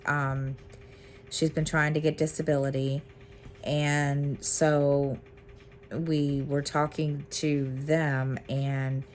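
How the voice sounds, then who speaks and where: A woman's voice: low voice, slight background noise. A middle-aged woman chatting casually to her viewers, rambling with many ums and restarts. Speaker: cross-stitch vlogger. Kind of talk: casual chat to camera.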